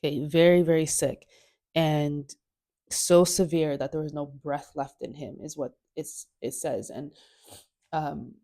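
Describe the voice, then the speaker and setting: A woman's voice: sits low, fairly even intonation, unhurried, mellow. A woman hosting a casual Bible study, chatty and playful, laughing often and swearing now and then, and sick at the moment. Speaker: host of a Bible study show. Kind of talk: casual Bible reading and chat.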